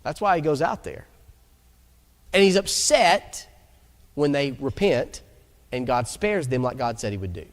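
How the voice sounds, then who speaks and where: A man's voice: mid-range voice, big pitch swings, a little slow, pauses often. A man preaching a sermon in a conversational, emphatic way, often asking rhetorical questions. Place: church sanctuary. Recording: long hall reverb.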